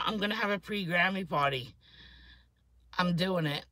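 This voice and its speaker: A woman, rambling excitedly and swearing freely in a casual chat to camera, her voice a little hoarse. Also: lowish voice, moderate pace, dry recording. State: hoarse throat. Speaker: vlogger.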